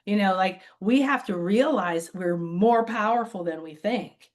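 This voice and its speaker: A woman's voice: mid-range voice, a little slow. A woman spiritual teacher talking casually as an interview guest, telling stories and acting out the voices of the people in them. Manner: animated, acts out quoted voices, laughs often. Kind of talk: casual conversational storytelling. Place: lives by a beach.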